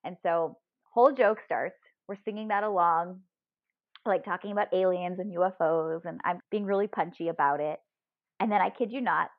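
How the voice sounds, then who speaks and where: A woman's voice: fairly low pitch, dry recording, phone-quality sound. A woman co-hosting a podcast, telling stories in a casual chat with lots of laughter. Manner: animated storytelling, laughs often. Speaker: podcast co-host.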